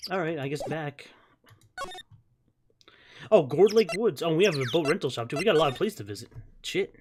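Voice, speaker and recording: A man's voice: a little high, animated, moderate pace, darkish tone, slight background noise. A man casually commenting on a video game, rambling, swearing and breaking off mid-sentence. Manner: rambling, swears, self-interrupting. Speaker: let's play host. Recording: game music behind voice.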